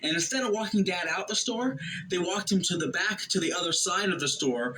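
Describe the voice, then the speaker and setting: A man casually retelling a family anecdote, lively and anecdotal. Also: high-pitched, fairly quick, noisy background. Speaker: storyteller. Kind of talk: casual storytelling.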